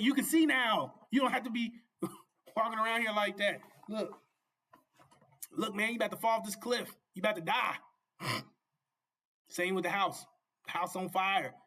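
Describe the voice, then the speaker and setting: High, bright-voiced fervent male preacher. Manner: fervent, repetitive, often asks "You see?"; laughs and shouts at peaks. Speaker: preacher and show host. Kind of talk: informal street sermon.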